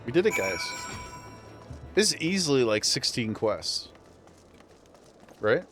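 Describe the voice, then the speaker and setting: A man's voice: mid-range voice, sing-song, slow pace. Male streamer, casual chat to viewers, laughing, faint music behind. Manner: chatty, laughing, talks to chat.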